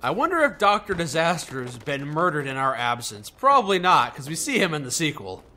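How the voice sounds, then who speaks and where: A man casually joking his way through a game with a friend. His voice is high and bright, and his pitch moves around freely as he talks. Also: very animated, fairly quick, a little hiss or hum. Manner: jokey, easygoing asides. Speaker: game commentator. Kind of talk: casual gameplay commentary.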